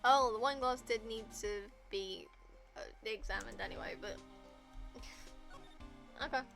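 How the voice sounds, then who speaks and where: Chatty woman streamer, slightly high voice. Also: a little slow, vocal fry. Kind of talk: casual game commentary. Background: game music.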